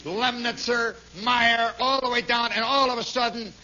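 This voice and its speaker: Animated high-voiced male storyteller. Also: a little fast, muffled recording. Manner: animated, swinging from hushed to shouting. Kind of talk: improvised radio storytelling monologue.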